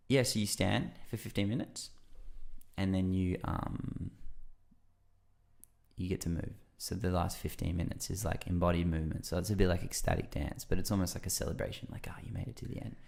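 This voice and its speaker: Low gravelly guy on a podcast, rambly storytelling, acts out his own reactions. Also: steady tone, moderate pace, pauses often, a little mellow. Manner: loose and rambling with many fillers. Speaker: podcast guest. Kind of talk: casual conversational storytelling.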